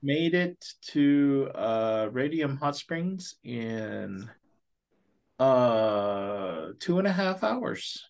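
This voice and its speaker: A man chatting casually in a halting way, pausing often with fillers. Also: medium pitch, animated, vocal fry, a little mellow. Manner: halting, lots of pauses and fillers. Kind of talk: casual chat.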